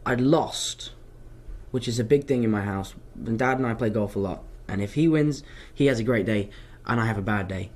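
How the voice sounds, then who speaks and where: A young man, an actor answering fan questions in a casual live Q&A, telling stories with self-mocking asides. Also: mid-range voice. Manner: animated, chatty storytelling, self-mocking asides.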